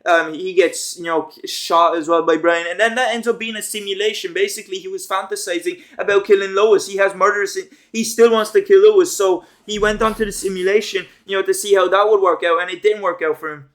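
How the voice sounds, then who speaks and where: A young man with a noticeably high voice talks through a cartoon recap off the cuff. He rambles and restarts, and he leans on slang and fillers. He sounds like an everyday commentator. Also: fairly even intonation, fairly quick, hardly any pauses, a bit bright. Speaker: show commentator. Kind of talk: casual recap chat.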